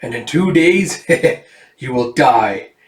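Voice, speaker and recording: A man voicing a cruel aristocratic baron who gloats in a smooth, menacing way, in an echoey room. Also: medium pitch, expressive, slow. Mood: gloating. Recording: echoey room, far from mic.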